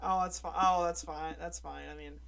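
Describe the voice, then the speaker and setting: A man's voice: a little high, fairly even intonation, moderate pace, creaky, a bit bright, slight background noise. A young man co-hosting a podcast in casual chat, rambling with many restarts and fillers. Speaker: podcast co-host.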